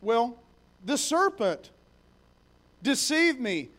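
A whiny woman pushing off the blame, as a man puts her on in the middle of a sermon. The voice sits high and lifts a little above the preacher's own, defensive and wheedling. It turns every sentence into an excuse. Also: very animated, drawn-out words, a bit bright, heavily acted.

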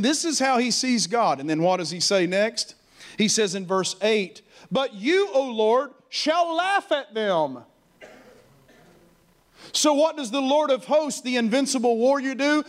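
A man preaching a sermon with animated call-and-response, sometimes mocking with stammers and silly voices. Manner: mocking stammer and high laughing voices for effect. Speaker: pastor.

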